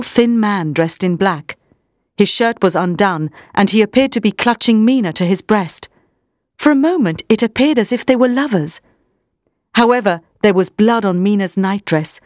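A woman narrates a classic story in a measured, expressive way. Her voice sits in a mid-range pitch and sounds dry, with no room around it. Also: no room sound.

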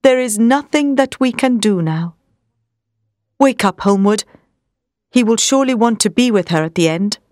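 A woman voicing a stern, urgent elderly male professor in a storybook reading, giving orders forcefully. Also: a little high, animated, moderate pace, long pauses, no room sound, studio quality, close to an everyday voice. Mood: sad. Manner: commanding, forceful.

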